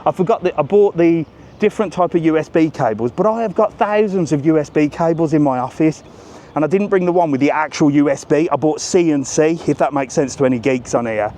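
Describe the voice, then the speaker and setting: A man's mellow voice, on the high side and a little fast, carries this live walking stream along resort streets. The travel vlogger jokes casually with his audience and reads their messages aloud, with faint traffic and street noise around him.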